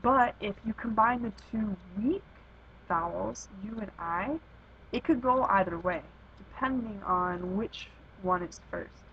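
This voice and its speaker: A woman's voice: mid-range voice, a little slow. Woman tutor, casual lesson, chatty, thinks aloud, slightly muffled recording, faint hiss. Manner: informal and chatty, thinks aloud with fillers and restarts. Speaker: Spanish tutor.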